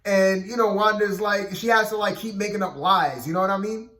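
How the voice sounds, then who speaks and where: Casual reviewer, male, higher register, loose filler-heavy delivery, roomy echo. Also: a little fast, bright, forceful tone. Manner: rambling, filler-heavy, keeps saying "you know what I mean". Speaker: TV episode reviewer.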